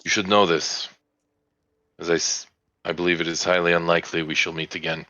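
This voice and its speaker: A grieving old village priest, as a game master puts him on, speaks in a solemn, measured way in a tabletop game. The voice sits low and bright, dry and close. The recording sounds a little dull and lo-fi. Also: male voice, little pitch movement, no echo.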